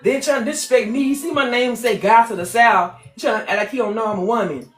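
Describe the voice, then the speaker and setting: A woman's voice: on the high side, quick pace. A woman hosting a livestream, ranting bluntly and with lots of swearing into a phone on a stand. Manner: blunt, profane, fired-up. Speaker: livestream host. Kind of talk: heated livestream rant. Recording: echoey room with faint music.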